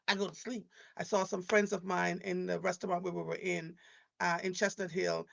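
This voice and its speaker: A woman in her fifties talks casually to her live-stream audience, her voice rough and gravelly with heavy fry. She rambles from story to story, doubling back and restarting her sentences as she goes. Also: on the low side, little pitch movement, moderate pace, muffled recording. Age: 50s. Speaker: live show host.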